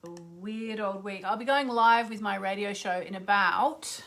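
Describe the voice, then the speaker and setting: A woman's voice: mid-range voice, measured pace, a bit bright. A middle-aged woman, an astrologer and radio host, chatting casually with viewers on a livestream and greeting them by name.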